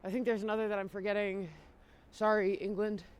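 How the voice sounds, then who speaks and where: A woman's voice: medium pitch, flat delivery, a little fast, a little mellow, clear, resonant tone. A woman comedian from Minnesota talking casually to camera while biking outdoors in freezing cold, teary-eyed and wry, swearing casually. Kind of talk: casual vlog talk to camera.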